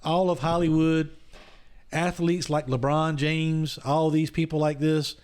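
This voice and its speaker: A man's voice: a little high, level tone, measured pace, a little mellow, clean tone. A man hosting a podcast, talking in an easygoing, encouraging tone during casual chat. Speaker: podcast host.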